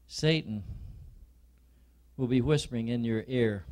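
A male preacher giving a sermon, telling a dramatic story to his listeners in a slow, deliberate way. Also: mid-range voice, lively intonation, darkish tone.

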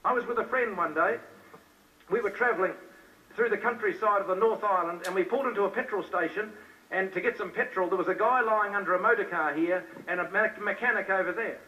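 His voice sits high, brisk, bright, and forceful as this New Zealander preaches evangelistically to a hall. Repetition and rapid questions aimed at the crowd mark his sermon, heard through a distant, dull old live recording.

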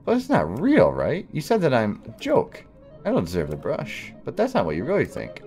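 A man raises his voice to play an earnest young dog hero from a video game. The pitch climbs high above his own and swings widely, eager and pleading. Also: huge pitch swings, moderate pace, a little mellow, faint music behind.

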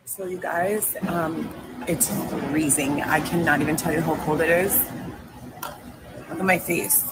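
A woman's voice: low-pitched, fairly even intonation, a little slow, over a noisy crowd, heavy background noise. Rambling, effusive pregnant woman. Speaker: streamer filmed in a played clip. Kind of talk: emotional thank-you video.

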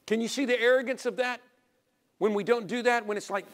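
High-voiced preacher swinging loud to hushed. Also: male voice, a little fast. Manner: swings from loud urging to quiet near-whispers; acts out little dialogues with God and people. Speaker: pastor. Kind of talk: sermon.

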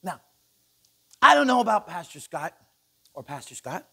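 A male pastor preaching a sermon in a church, animated and joking, acting out the people he quotes. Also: high-pitched, moderate pace, gravelly, slightly rough.

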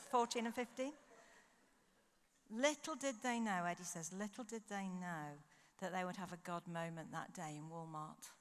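A woman speaker at a conference, preaching through an animated personal story and acting out her own thoughts. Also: lowish voice. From United Kingdom. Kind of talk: sermon with storytelling. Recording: long hall reverb.

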